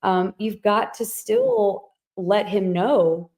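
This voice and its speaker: A woman's voice: mid-range voice, wildly swooping pitch, slow, vocal fry, darkish tone. A woman in her thirties, co-hosting a podcast, who tells personal stories in a candid, emotional way, with many fillers and restarts. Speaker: podcast co-host. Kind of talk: casual chat.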